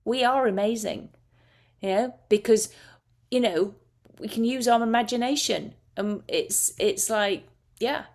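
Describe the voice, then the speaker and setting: A woman's voice: a little high, unhurried. A woman hypnotist teaching a masterclass, talking casually and emotively with frequent restarts.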